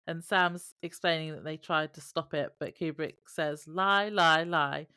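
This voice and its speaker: A woman with a low, somewhat bright voice co-hosts a podcast, recapping a TV episode in casual chat at a moderate pace. Her intonation is fairly even, and she laughs often while retelling scenes with quoted lines. The clean studio sound has no room noise.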